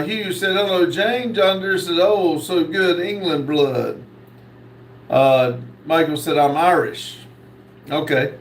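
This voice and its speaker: A man hosting a live stream, reading viewer comments aloud and answering them, with many pauses and fillers. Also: fairly high pitch, reverberant, far from the mic, slight background noise, poor audio. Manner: slow, reads comments aloud with many uhs. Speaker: host reading live chat. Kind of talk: casual live stream chat.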